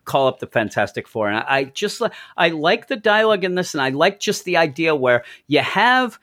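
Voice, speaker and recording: A married man casually reviewing a comic book with a co-host, lively, acting out bits of dialogue in bursts. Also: fairly quick. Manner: animated, acts out quoted lines in jumps of pitch.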